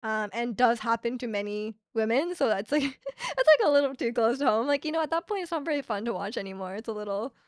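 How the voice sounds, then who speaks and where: A woman's voice: fairly high pitch, expressive, quick pace, no room sound. A young woman streaming, chatting casually with her viewers and retelling ads in a rambling way with many fillers.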